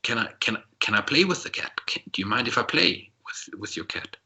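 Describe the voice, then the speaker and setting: A man voicing a huge, jolly male warforged barkeep who talks in excited broken phrases. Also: medium pitch, brisk, slightly rough, voice pushed up, exaggerated voice. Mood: shy eager.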